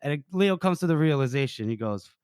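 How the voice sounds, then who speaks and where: A man's voice: on the high side, lively intonation, quick pace, darkish tone, smooth, dry recording, studio quality. A man co-hosting a podcast, casually retelling a book scene, laughing often and swearing freely. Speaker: podcast co-host.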